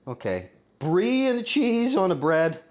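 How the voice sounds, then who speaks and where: A man streaming casually while cooking and tasting, joking crudely and bursting into loud exclamations. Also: sits high, very animated, measured pace. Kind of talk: casual cooking livestream chatter.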